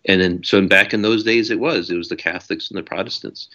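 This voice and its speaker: A male author, appearing as a guest in a casual interview, talks through his ideas passionately and discursively. His deep voice comes quickly and sounds pushed and bright, though the recording itself is dull lo-fi audio.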